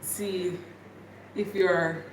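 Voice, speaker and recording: A woman's voice: fairly low pitch, fairly even intonation, extremely slow, reverberant, slight background noise. A woman from Jamaica with a Jamaican accent, chatting casually with viewers on her livestream and laughing often. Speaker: livestream host.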